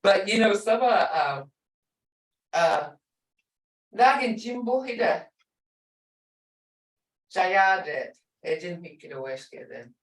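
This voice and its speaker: This is an online language lesson led by a woman whose mid-range voice is expressive, patient, and clear. She takes her time, saying every example word over and over. The mic is some distance from her, giving a roomy, faintly far-off sound.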